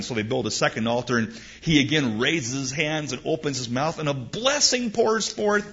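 A man preaching in an animated sermon-storytelling style, often repeating words as he restarts. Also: medium pitch, moderate pace, few pauses. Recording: dull lo-fi recording.

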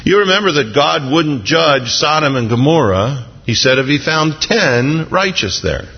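A man preaching a sermon as pastor, animated and jumping into excited voices when he acts out quotes. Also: on the high side, unhurried, husky, long reverb tail, muffled recording.

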